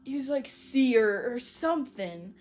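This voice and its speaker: A woman in casual podcast chat, recapping a book plot, giggling often and acting out quick character voices. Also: high voice, animated, darkish tone, soft background music. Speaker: podcast co-host.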